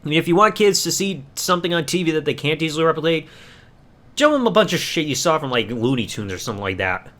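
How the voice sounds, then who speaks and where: Male podcast host, slightly high voice, lively pitch, ranting review banter. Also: fast talker. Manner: animated, ranting, mocking voices. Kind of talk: casual review commentary.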